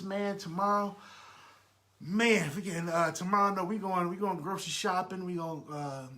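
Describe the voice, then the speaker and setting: Man, podcast host, high voice, bright tone, relaxed live chat, greets listeners. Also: normal speed.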